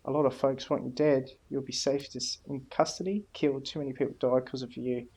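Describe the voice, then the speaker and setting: A man's voice: medium pitch, steady tone, brisk, a little mellow, breathy edge. A man casually commenting on a video game as he plays, reading dialogue choices aloud in a laid-back way. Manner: reads dialogue options aloud, laid-back, laughs easily. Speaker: gameplay commentator.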